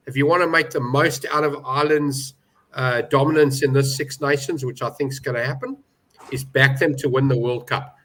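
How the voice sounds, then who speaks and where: A man's voice: mid-range voice, a bit bright, poor audio. A man giving opinionated betting views in a casual panel chat, stressing his points hard. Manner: opinionated, emphatic about prices. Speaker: betting pundit.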